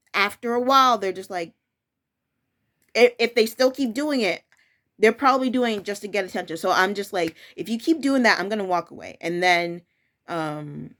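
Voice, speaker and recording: A woman's voice: medium pitch, a bit bright. A young woman who works as a preschool teacher talks casually and frankly, with a firm tone and many restarts and self-corrections. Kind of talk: casual personal storytelling.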